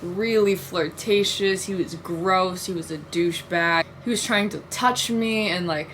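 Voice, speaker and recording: A woman's voice: on the low side, unhurried, a bit bright, a little hiss or hum. A young woman vlogger telling a long dream story and musing aloud, full of "like" fillers and casual swearing.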